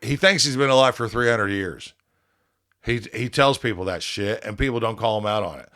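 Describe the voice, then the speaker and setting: A man's voice: fairly low pitch, moderate pace, pushed and bright. A man, a band leader on a podcast, telling a rambling, profane story in casual chat and acting out quoted dialogue.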